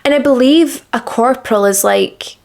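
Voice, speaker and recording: A woman's voice: high voice, moderate pace, gravelly, a little mellow. A woman hosting a true crime channel, telling a case in a chatty, dramatic way while doing her makeup, on a small clip-on mic. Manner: chatty, dramatic and emphatic, with repeated words. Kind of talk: casual true crime storytelling during a makeup routine. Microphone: small clip-on microphone.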